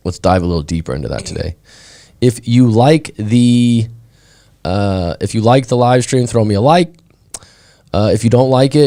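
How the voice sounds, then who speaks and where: A male breakup coach talks through his live stream in a loose, chatty monologue and keeps checking in with "right?". His voice sits a little low and sounds warm and relaxed rather than bright. He speaks with easy, conversational energy. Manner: chatty, frequently asks "right?".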